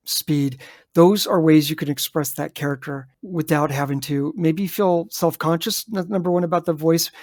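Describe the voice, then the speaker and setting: A man's voice: a little high, a little mellow, no room sound, studio quality. A man co-hosting a podcast, giving emphatic, jokey advice to listeners. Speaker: podcast co-host. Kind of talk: casual chat.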